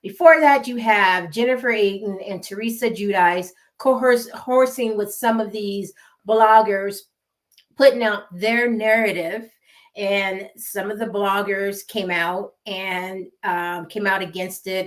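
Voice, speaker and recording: A woman's voice: medium pitch, a little slow. A woman with a West Coast American accent gives casual, emphatic gossip commentary and repeats words for effect. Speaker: gossip vlogger.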